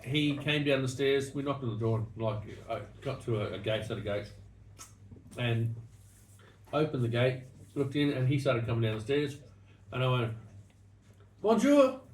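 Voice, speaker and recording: An Australian man hosts a relaxed wine-tasting chat, circling back and restarting as he talks. He sounds distant from the mic, in an echoey room with steady background noise and clicks. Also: medium pitch, moderate pace, long pauses. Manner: rambling storyteller with many restarts. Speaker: wine show host.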